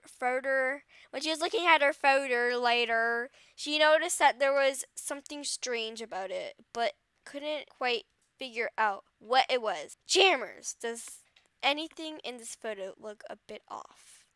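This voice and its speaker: High, bright, dramatic gaming vlogger. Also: female voice, unhurried, smooth, no echo. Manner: dramatic, excitable, swings between wailing and squealing. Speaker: game video creator. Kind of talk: gameplay commentary.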